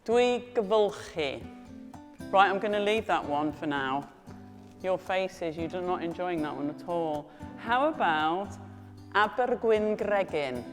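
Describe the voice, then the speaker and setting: Slow, patient woman tutor. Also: fairly low pitch. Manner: encouraging, repeats phrases slowly for the class to copy. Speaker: Welsh language tutor. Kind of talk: teaching a beginners' class. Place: classroom. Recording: reverberant room with faint guitar music.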